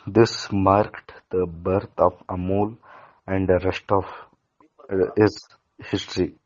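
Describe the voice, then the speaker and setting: Brief: low-pitched man, student, reads a lesson slowly with stumbles, dull lo-fi recording. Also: flat delivery, darkish tone. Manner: halting reader with small slips and restarts. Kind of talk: reading a textbook lesson aloud.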